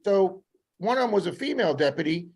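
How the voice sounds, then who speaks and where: A man from Florida, a metal detecting guest, telling rambling, animated stories and acting out what people said. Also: high voice, fairly quick, breathy edge. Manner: rambling, animated anecdotes with acted-out quotes. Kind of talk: casual storytelling on a live podcast.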